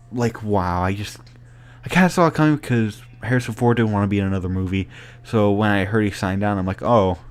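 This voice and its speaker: A man giving a casual spoken movie review, excited and rambling with many filler words. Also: on the low side.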